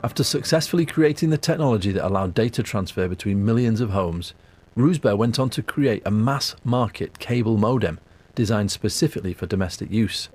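A man narrates a scripted story in a measured, steady way. His voice is somewhat low, and faint music plays beneath him. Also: slightly rough.

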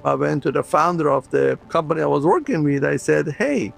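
Gravelly man from the Middle East recounting. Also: fairly high pitch, steady tone, faint music behind. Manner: earnest, halting, with fillers. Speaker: inventor interviewee. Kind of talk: recounted interview.

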